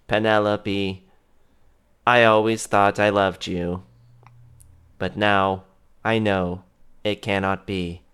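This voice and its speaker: A man voicing a cold, doomed male android villain in an improvised comedy story, solemn and slow. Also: on the low side, level tone, fairly bright tone, clear, resonant tone, voice pushed down. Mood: grave.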